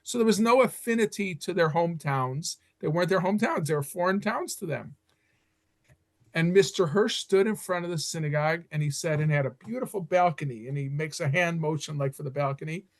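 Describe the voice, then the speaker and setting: An older man from Chicago, a guest historian, telling stories in an animated way in a podcast interview. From Chicago, USA. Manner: animated storyteller, leaps up in pitch when excited.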